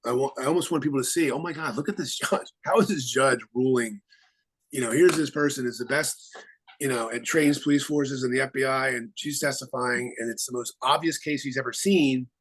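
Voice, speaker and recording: Husky man, attorney guest, casual interview, halting speech full of restarts. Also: mid-range voice, low-quality recording. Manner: halting, many restarts and fillers.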